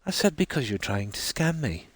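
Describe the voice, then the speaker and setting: A man's voice: medium pitch, very animated, normal speed, husky, no echo. A man with an Irish accent telling a long rambling story while streaming a game, with a lot of "I said". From Ireland. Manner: rambling anecdote, frequent "I said".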